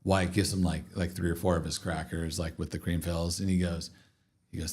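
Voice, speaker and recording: A man's voice: low voice, a little fast, slightly rough. A man in his thirties, a podcast host and father, chatting casually and acting out his kids' lines as he tells stories. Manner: animated storyteller, acts out his kids' lines. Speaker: podcast host, father of two young boys. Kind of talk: casual chat, storytelling.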